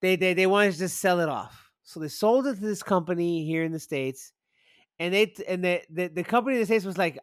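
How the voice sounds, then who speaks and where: A man co-hosting a podcast in casual chat, excitable and rambling, swearing often. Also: sits high, fairly quick, no room sound. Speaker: podcast co-host.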